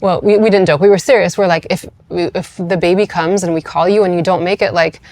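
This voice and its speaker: Brief: woman, 30s, quick, lowish voice, chatty guest storyteller, fillers galore. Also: steady tone, a little mellow. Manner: chatty, many "like" fillers, acts out quoted voices. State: tearful at moments. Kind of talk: casual storytelling.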